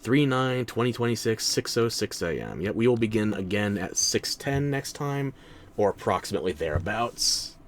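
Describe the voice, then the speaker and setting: A man's voice: lowish voice, lively intonation, moderate pace, a little hiss or hum. A tired man streaming a video game, talking in a sardonic, theatrical way. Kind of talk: game commentary.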